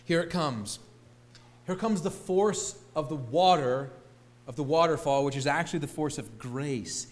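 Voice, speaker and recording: Animated, higher-voiced male preacher. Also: measured pace. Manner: animated, emphatic, repeats words for stress. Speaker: pastor. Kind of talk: sermon.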